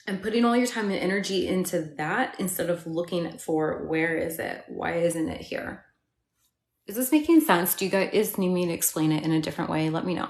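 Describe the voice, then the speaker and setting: A woman's voice: on the low side, a little mellow. A woman coaching viewers in a casual live-stream chat, peppering her talk with "like" and "right?" and laughing often. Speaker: manifestation coach. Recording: roomy echo.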